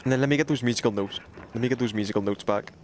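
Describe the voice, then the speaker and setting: A British man giving casual gameplay commentary on a livestream, chatty and swearing freely with sudden excited outbursts. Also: medium pitch, very fast, a little hiss or hum.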